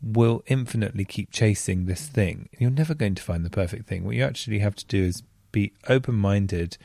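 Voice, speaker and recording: A man's voice: fairly low pitch, fairly quick, gravelly, dark tone, no room sound, clean studio sound. A man hosting a podcast, chatting in an earnest, casual way from home, with many fillers. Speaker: podcast host. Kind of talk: casual chat. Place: at home in bed.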